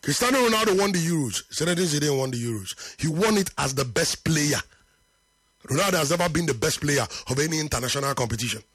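A man's voice: lively intonation, a bit bright, breathy edge, dry recording, studio quality. A man hosting a live football talk show, arguing points emphatically and reading out viewer comments. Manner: emphatic, repeats points for effect, drops to low slow tones.

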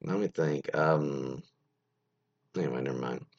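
A man's voice: extremely low pitch, a little slow. A man hosting an online radio show, chatting casually and rambling through an article with fillers, asides and the odd curse. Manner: rambling, many fillers and trailing asides, mildly profane. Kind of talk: casual solo talk, reading an article aloud with comments. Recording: lo-fi muffled sound.

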